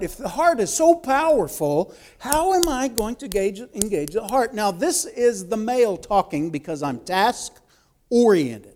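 A male pastor preaching a sermon, repeating key phrases and swinging between loud urgent emphasis and hushed, intimate asides. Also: sits high, animated, unhurried.

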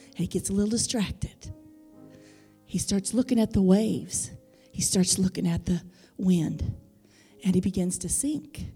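A woman's voice: medium pitch, mellow, husky. A woman preaching a sermon with fervent, building emphasis.

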